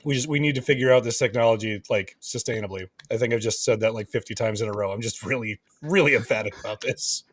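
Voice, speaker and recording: A man's voice: mid-range voice, fast talker, few pauses, no echo, far from the mic. Emphatic rambling man on a call. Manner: emphatic, rambling, many fillers. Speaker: co-host. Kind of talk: casual panel chat.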